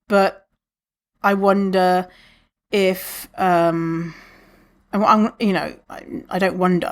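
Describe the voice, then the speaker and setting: A woman hosting a podcast alone, chatting casually, swearing freely and laughing often, with many restarts. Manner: animated, lots of restarts, acts out quotes in a higher voice. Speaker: podcast host. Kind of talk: casual solo podcast talk.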